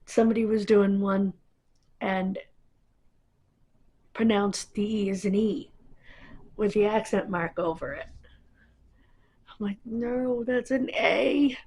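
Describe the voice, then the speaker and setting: A woman's voice: mid-range voice, fairly even intonation, takes it slowly, long pauses, warm tone, slightly rough. A woman vlogger talking to camera in a casual, rambling monologue that wanders between tangents.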